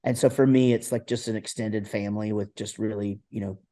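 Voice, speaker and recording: Mellow-voiced rambling middle-aged man. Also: lowish voice, fairly even intonation, fairly quick. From Texas, USA. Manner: rambling, many fillers and restarts. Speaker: guest musician. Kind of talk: casual interview chat.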